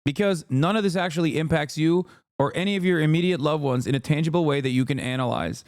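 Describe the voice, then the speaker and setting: A man rants in angry, emphatic commentary, swearing freely. His voice sits somewhat high. The sound is close and dry, with no room around it. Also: quick pace, a little mellow, no room sound. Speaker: streamer reacting to clips. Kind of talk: heated commentary.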